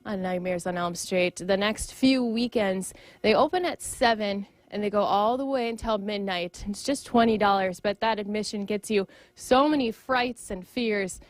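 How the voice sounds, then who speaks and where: A woman's voice: mid-range voice, no echo. Playful woman reporting live. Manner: playful, jokingly acting like a ghost. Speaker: field reporter. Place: indoor haunted attraction.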